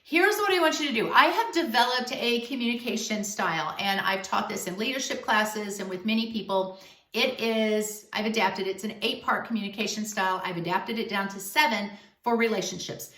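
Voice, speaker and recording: A woman relationship coach giving emphatic, animated advice straight to camera in a vlog. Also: mid-range voice, normal speed. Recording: echoey room, voice distant from mic.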